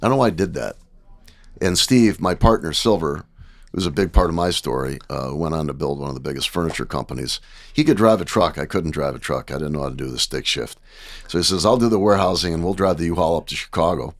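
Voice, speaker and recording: A man in his sixties from the American Midwest, telling lively anecdotes as a podcast guest and often checking in with "right?". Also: rumbling low, a little fast. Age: 60s. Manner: animated anecdotes, acting out dialogue, frequent "right?". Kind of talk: casual storytelling.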